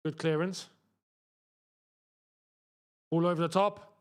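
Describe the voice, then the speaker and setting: Excitable man reacting to football. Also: high voice, moderate pace. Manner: excitable, shouts and laughs at chances, chatty asides. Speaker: football watchalong host. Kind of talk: live match reaction commentary.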